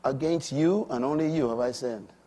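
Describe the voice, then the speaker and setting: An older man preaching a sermon, swinging between loud, high emphatic bursts and low, quiet asides. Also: normal speed.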